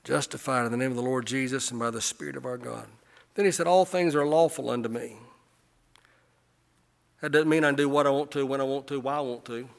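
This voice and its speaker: A middle-aged man preaching a sermon, impassioned, swelling to loud peaks and often repeating his words. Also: mid-range voice, fairly even intonation, a little fast, vocal fry. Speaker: pastor.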